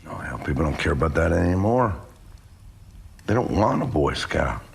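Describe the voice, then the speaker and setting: An actor playing a gruff, blunt man in a TV drama, speaking in a gravelly, husky voice. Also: rumbling low, big pitch swings, moderate pace, slight background noise, heavily acted. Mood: scornful. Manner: dismissive, blunt.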